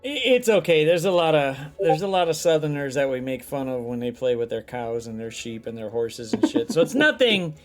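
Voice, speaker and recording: A man hosting a casual stream chat, loud and animated, swearing often as he tells stories. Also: fairly high pitch, normal speed, hardly any pauses, soft background music. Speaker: stream host.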